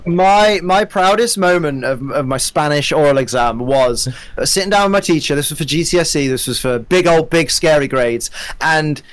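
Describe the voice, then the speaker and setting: A man's voice: a little high, moderate pace. A young man, a podcast guest telling rambling school stories in casual chat. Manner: rambling, self-correcting storyteller.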